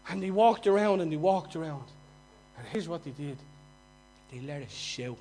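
A man with a Dublin accent preaching a sermon, moving from quiet, conversational asides to loud, mocking outbursts. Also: on the high side, lively intonation, normal speed, pauses often, rough recording. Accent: Dublin Irish. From Dublin, Ireland.

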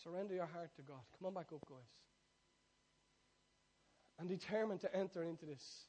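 High-voiced man preaching a sermon. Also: moderate pace, husky. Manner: swings from soft confiding asides to loud shouted prayer. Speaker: pastor. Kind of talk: sermon with call-and-response prayer. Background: congregation repeating prayers.

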